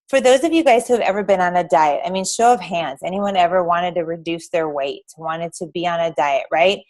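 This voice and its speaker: A woman's voice: fairly low pitch, a little fast, a little mellow. A woman talking earnestly and casually to a small group, addressing the listeners directly. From Texas. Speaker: speaker at an essential oil class. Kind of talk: informal talk to a small group.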